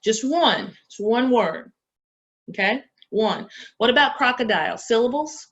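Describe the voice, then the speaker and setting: A woman's voice: a little high, lively intonation, a little slow, fairly bright tone. A woman professor giving a reading lesson to teacher candidates, asking questions and answering them herself. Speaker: education professor. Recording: dull lo-fi lecture recording.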